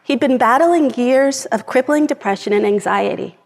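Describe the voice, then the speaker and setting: A woman's voice: fairly high pitch, normal speed, vocal fry, hardly any pauses. A middle-aged woman giving an earnest personal talk from a script to a live audience. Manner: earnest, reads from a script, gets emotional at times. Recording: long reverb of a large hall.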